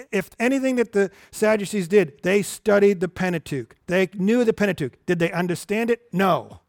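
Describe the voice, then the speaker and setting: A man's voice: high-pitched, a little mellow, dry recording, studio quality. A man teaching a Bible lesson as a sermon, earnest and conversational, often asking the listeners questions.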